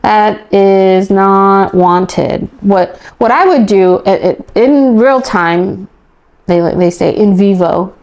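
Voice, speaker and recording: A woman's voice: medium pitch, slow pace, darkish tone. A woman parent coach answering podcast interview questions in an emphatic, enthusiastic way, often acting out what parents and children say.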